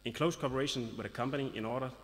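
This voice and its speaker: A man delivers a formal ceremony speech from a stage microphone, announcing in a measured way and slipping in the odd dry joke. His voice sits at an ordinary pitch for a man. A long reverb trails each phrase, as in a large hall. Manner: formal, lightly joking, announcing. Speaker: business association representative.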